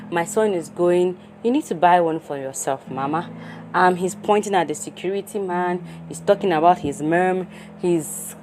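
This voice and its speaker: A woman with a low, deep-set voice tells a personal story in an easy, conversational way. She is a therapist speaking to listeners and acts out the dialogue as she goes. Soft music plays faintly under her voice. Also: rough recording. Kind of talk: casual storytelling talk.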